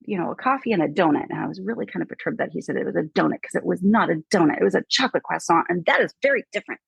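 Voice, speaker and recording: A woman chatting casually as a guest, telling animated stories and mimicking people in hushed voices. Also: on the low side, very fast, vocal fry, slightly rough, dry recording, low-quality recording. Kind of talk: casual chat.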